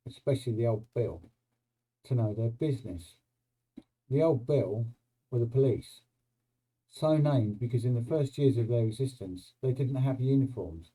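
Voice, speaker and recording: A man's voice: medium pitch, warm tone, low-quality recording. Wry man explaining. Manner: wry, conversational, asks the viewer questions. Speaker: YouTube host explaining slang. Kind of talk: explainer video narration.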